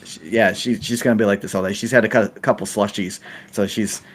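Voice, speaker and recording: A man's voice: on the low side, fairly even intonation, quick pace. A middle-aged man hosting a podcast, telling a film-set story in a casual way, laughing and restarting his sentences often. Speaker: podcast host.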